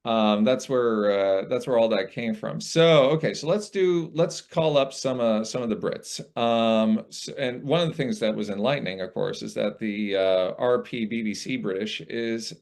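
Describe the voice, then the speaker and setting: A man's voice: mid-range voice, normal speed, creaky, few pauses, darkish tone. A man, a guest audiobook narrator in casual conversation, rambling and reflective, with frequent restarts.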